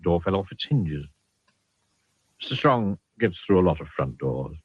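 Husky man reading a storybook. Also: low-pitched, unhurried, dry recording. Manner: very expressive, swooping delivery. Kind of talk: reading a children's picture book aloud. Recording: dull lo-fi sound.

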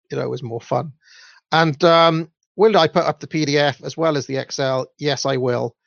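With a creaky, fairly bright voice, a young adult Welsh podcast host rambles casually over listener comments, saying um and uh often. The sound is dull, low-fidelity and dry, without echo.

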